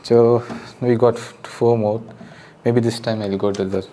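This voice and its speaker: A man's voice: medium pitch, level tone, measured pace, slight background noise. A man with an Indian English accent teaching drums in a casual, patient way, counting beats aloud and giving friendly step-by-step instructions. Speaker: drum teacher. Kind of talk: casual spoken lesson. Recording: loud drum music behind the voice. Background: drums and music.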